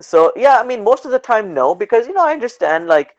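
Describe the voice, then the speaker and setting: A man from Canada, a podcast guest, telling stories in a casual, animated way and acting out the people he quotes. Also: high voice, a little fast. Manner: animated, acts out dialogue in quoted voices, laughs often. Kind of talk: casual storytelling in a podcast interview. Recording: dull lo-fi podcast audio.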